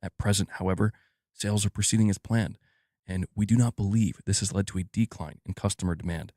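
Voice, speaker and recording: A man putting on a formal corporate executive, speaking in a slow, careful, hushed manner. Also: lowish voice, fairly even intonation, dry recording, studio quality, pitched below the performer's own voice, lightly acted. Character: middle-aged male corporate executive, measured and formal.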